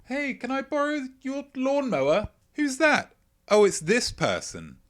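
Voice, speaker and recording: A man's voice: wildly swooping pitch, unhurried, a bit bright, exaggerated voice. A man putting on a silly, over-the-top voice for a nosy neighbor peeking over a garden wall. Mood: chirpy. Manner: squeaky, over-the-top, on-the-spot silly character voice.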